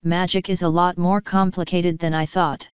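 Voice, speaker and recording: Woman voicing a sharp-witted young girl. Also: fairly low pitch, level tone, normal speed, clear, resonant tone, dry recording, dull audio, close to an everyday voice. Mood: earnest.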